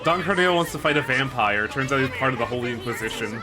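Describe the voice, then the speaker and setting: A male streamer giving casual commentary over a video game, joking and swearing freely. His pitch moves around a lot as he talks. Game music plays clearly in the background. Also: expressive, fast talker, crowd noise.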